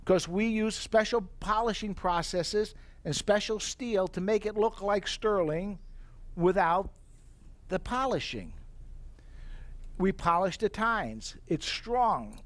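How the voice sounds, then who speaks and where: Animated middle-aged salesman telling stories. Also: high-pitched, slow. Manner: animated storyteller, acts out his own reactions. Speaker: salesman demonstrating tableware. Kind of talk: live sales pitch with anecdotes.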